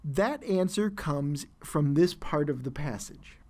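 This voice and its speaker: A man teaching an exam listening lesson, explaining answers in a measured way with frequent fillers and restarts. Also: a little high, lively intonation, warm tone. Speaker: test-prep teacher.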